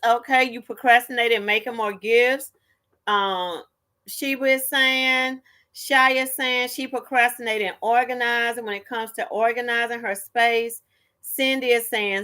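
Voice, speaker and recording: A woman's voice: a little high, pushed and bright. Chatty woman hosting a live stream. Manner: chatty, greets viewers by name, Southern US phrasing. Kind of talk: casual live stream chat.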